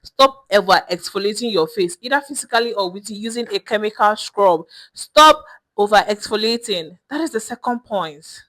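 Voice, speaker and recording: Woman, young adult, skincare vlogger, emphatic, lecturing, repeats herself, mid-pitched voice. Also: brisk, few pauses, a bit bright. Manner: emphatic, repetitive, lecturing with frequent restarts. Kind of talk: direct-to-camera skincare advice.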